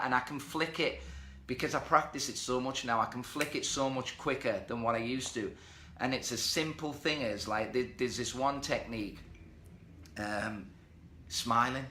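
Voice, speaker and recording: A man's voice: medium pitch, bright, forceful tone, roomy sound. A man hosting a motivational live stream from home, talking energetically and reading out viewer comments. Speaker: host. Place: indoors at home. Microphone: webcam or phone.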